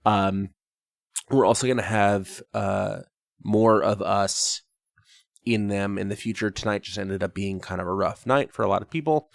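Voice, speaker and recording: A man with a low, gravelly voice hosts a casual talkback chat about his tabletop game. He rambles, pokes fun at himself and laughs often. The recording is dry and close. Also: normal speed, no echo. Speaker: podcast host and game master.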